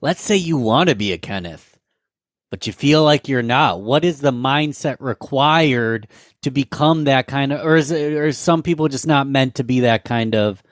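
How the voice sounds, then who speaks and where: A man's voice: medium pitch, moderate pace, dry recording, studio quality. A man hosting a podcast interview who asks long, rambling questions, several at a time. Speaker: podcast host.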